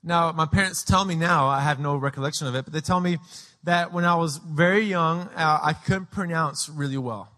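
Animated high-voiced preacher in echoey hall. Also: male voice, moderate pace. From Peru. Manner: animated, acts out childhood voices with shouts. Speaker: pastor. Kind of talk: sermon with personal storytelling. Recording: echoey hall with long reverb.

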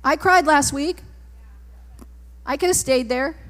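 High-voiced woman preaching emphatically. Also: takes it slowly. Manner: emphatic, repeating commands and rising to shouts. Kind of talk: sermon. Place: church sanctuary. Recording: long reverb in a church hall.

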